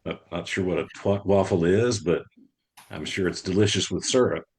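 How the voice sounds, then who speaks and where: A man's voice: low-pitched, moderate pace, a little mellow, slightly rough. An older man from Texas doing a dry, easygoing stand-up set with hesitant fillers. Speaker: stand-up comedian.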